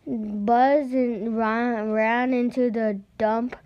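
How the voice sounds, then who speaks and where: A woman reading a children's picture book aloud at a slow, deliberate pace. Her voice sits slightly high. She sometimes trips over a word and starts it again. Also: fairly even intonation, dull audio. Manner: slow, careful reading with stumbles and restarts. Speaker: storybook reader.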